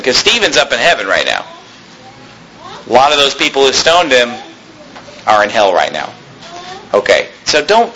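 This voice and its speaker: High bright-voiced preaching man. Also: slight background noise, poor audio. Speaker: pastor. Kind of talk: sermon.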